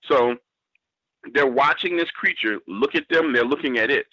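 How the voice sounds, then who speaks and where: A man's voice: medium pitch, normal speed, bright, forceful tone, dry recording, lo-fi sound. A man from New Orleans with a Southern accent, telling a story on a radio show and quoting what others said to him. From New Orleans, Louisiana, US. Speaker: guest storyteller.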